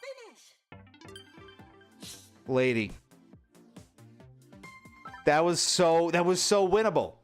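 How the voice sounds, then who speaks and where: With a slightly high, clean voice, a man slowly commentates his sports video game livestream, leaving long pauses over soft background music. He's animated and exasperated, venting in frustrated bursts when his teammates miss easy shots.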